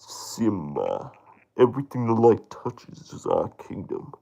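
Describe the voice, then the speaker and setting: A man doing an impression of a wise, regal lion king who speaks solemnly and slowly. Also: fairly low pitch, wildly swooping pitch, vocal fry, mellow, full character voice. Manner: solemn, measured.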